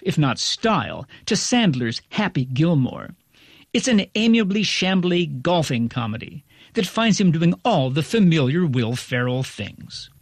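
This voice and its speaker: A male critic reading a scripted review in a wry, articulate, measured way. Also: fairly high pitch, slightly rough, dry recording, clean studio sound.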